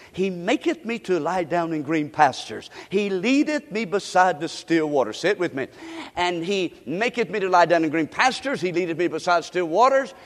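A man with a notably high voice delivers a sermon, calling his congregation to repeat lines back to him. The sound carries the long reverberation of a large church sanctuary. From United States. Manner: preaching with call-and-response to the congregation. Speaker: pastor.

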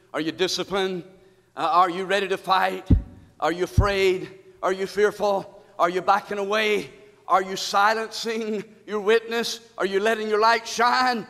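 A man preaches a fiery sermon with a high, bright, forceful voice. He pulls the congregation into call-and-response and swings from shouting to low, intense speech. His words ring through a church hall with long reverb. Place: church sanctuary.

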